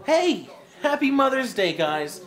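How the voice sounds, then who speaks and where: A man's voice: very high-pitched, big pitch swings, a little slow. A man vlogging outdoors in his yard at night, chatting in a loose, rambling, friendly way. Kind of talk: casual vlog chat.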